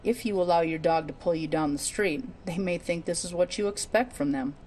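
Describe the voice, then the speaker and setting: A woman narrating a training video in a calm, measured, scripted reading. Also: fairly low pitch, slight background noise.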